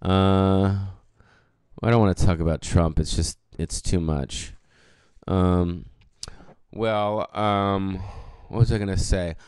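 A deep, steady, slow voice belongs to a man around fifty, a stand-up comic and podcast host, with a slightly mellow, clear, resonant tone and no echo. In a casual solo podcast rant, he rambles and swears, constantly correcting himself.

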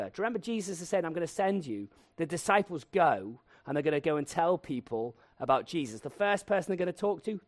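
Guy preaching, fairly high voice, jokey, does little voices, dry close sound. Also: no echo. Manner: lively, acts out voices, humorous asides. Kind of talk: sermon.

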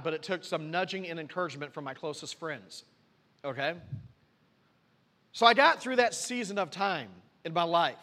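High, bright-voiced preacher in a reverberant hall. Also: male voice. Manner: animated storytelling, acting out conversations. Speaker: pastor. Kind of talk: sermon with personal testimony. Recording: long reverb of a church hall.

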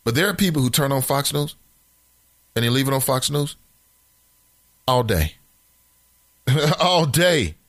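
A man's voice: medium pitch, moderate pace, long pauses, fairly bright tone, no room sound. A man hosting a morning radio talk show, giving rambling, opinionated commentary from a studio mic.

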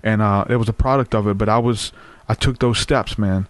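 Earnest low-voiced man telling a story. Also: steady tone, a little fast, dry recording. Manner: earnest, conversational, frequent fillers and restarts. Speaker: guest sharing testimony. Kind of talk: casual storytelling.

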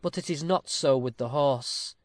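A man reading a classic novel aloud with a steady, formal storytelling cadence, close to the mic. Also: mid-range voice, a little slow, no echo. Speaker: audiobook narrator. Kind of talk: scripted narration of a classic novel.

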